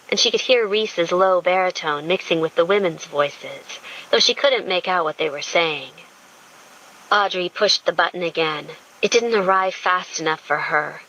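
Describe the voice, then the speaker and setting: A woman reading a romance audiobook in a smooth, intimate storytelling manner. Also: lowish voice, a bit bright, a little hiss or hum, low-quality recording. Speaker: audiobook narrator. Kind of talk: scripted romance narration.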